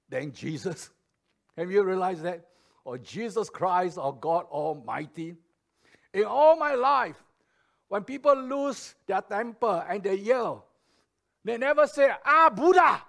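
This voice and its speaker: Slow, high-voiced preaching man. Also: vocal fry. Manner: emphatic preaching with repeated phrases, swinging between loud and soft. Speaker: pastor. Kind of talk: sermon.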